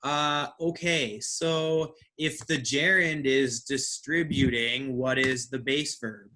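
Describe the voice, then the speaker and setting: Male teacher, slow deliberate pace, very bright forceful tone, asks "right?" often, repeats words for stress. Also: mid-range voice, fairly even intonation, slight background noise. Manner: checks understanding with frequent "right?". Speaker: English teacher. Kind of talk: live class teaching.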